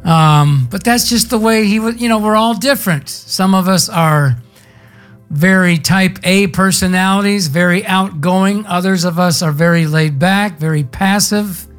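Slow, folksy preacher. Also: mid-range voice, soft background music. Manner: folksy, conversational storytelling with slang. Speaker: pastor. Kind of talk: sermon.

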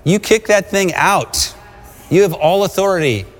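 A man's voice: high voice, animated, unhurried. A man preaching a sermon, exhorting and calling on the congregation to answer him. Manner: exhorting, calls for congregation responses. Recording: long hall reverb.

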